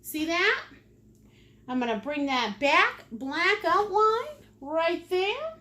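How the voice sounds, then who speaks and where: A woman's voice: very high-pitched, very animated, takes it slowly, bright, forceful tone. A woman leading a live painting lesson, chatty and playful, with sing-song asides. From United States. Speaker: painting instructor.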